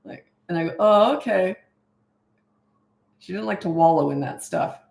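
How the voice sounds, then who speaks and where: A middle-aged woman who coaches parents, answering viewer questions in a breezy, matter-of-fact way and acting out parent lines in a bright sing-song. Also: deep voice, quick pace, gravelly. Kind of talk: casual Q&A livestream. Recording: echoey room.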